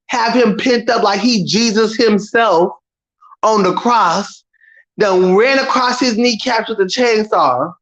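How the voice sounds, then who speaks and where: A man around thirty telling a casual, profane story-rant about scary movies, dramatic and animated, breaking into mock screams. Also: high voice, lo-fi sound. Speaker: vlogger.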